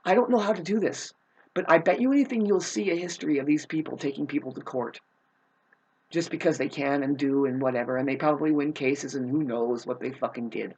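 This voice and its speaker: A woman's voice: sits low, a little fast, a little mellow, husky, dull audio. Agitated, profane woman ranting. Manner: agitated, profane, rambling with restarts. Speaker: vlogger telling a personal grievance. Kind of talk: casual rambling monologue.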